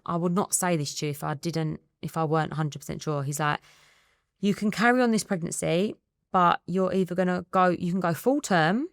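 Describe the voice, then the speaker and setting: Essex woman in her thirties, low gravelly register, rapid storytelling that acts out the dialogue, dry close sound. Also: dry recording. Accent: Essex English. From England. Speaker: guest. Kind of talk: candid emotional interview.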